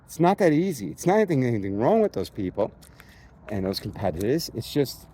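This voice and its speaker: A man's voice: medium pitch, big pitch swings, fairly quick, dark tone, slight background noise. Chatty Long Island man on a hike. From New York. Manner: chatty, rambling, self-correcting storyteller. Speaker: poker vlogger. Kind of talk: casual vlog monologue while hiking. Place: outdoors on a mountain trail.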